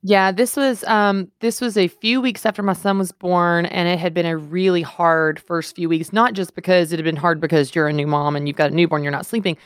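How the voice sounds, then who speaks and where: A woman's voice: on the low side, steady tone, brisk, hardly any pauses, smooth, no echo, clean studio sound. A woman in her thirties, a guest author on a podcast interview, telling stories earnestly and with emphasis.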